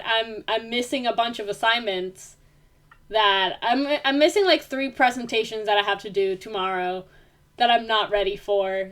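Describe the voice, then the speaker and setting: A woman's voice: fairly high pitch, fairly bright tone. A young woman vlogging in a casual, rambling way, full of fillers, turning heated and emphatic as she vents. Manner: rambling, many fillers, grows heated and emphatic when ranting. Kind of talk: casual venting monologue.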